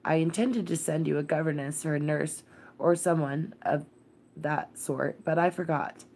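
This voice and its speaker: Miserable, distracted gentleman guardian, weary and fretful, voiced by a low-voiced woman. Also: moderate pace, gravelly. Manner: worried, absent-minded and weary.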